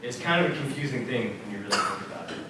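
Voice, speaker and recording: In a church center's multipurpose room, a young adult student speaker gives a casual, earnest faith talk to students, telling personal stories full of "like" and "um." He talks fast and expressively at medium pitch. The noisy recording is very echoey and captured from far off.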